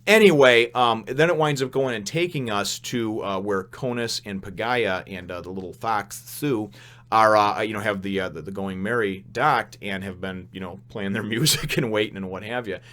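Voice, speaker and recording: A man's voice: lowish voice, moderate pace. A young man giving a casual, rambling spoken review of a manga chapter, full of fillers and restarts. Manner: rambling, animated, many fillers and restarts, laughs often.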